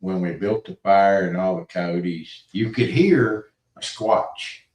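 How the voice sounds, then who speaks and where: Middle-aged male co-host, rambling storyteller, low voice, distant and roomy. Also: slow, a little mellow. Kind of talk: casual storytelling chat.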